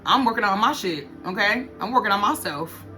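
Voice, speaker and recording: A woman's voice: medium pitch, lively intonation, brisk, bright, forceful tone, soft background music. Blunt, profane woman giving a tarot reading. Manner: blunt, profane and emphatic, repeats herself. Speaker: tarot reader. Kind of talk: casual tarot reading to viewers.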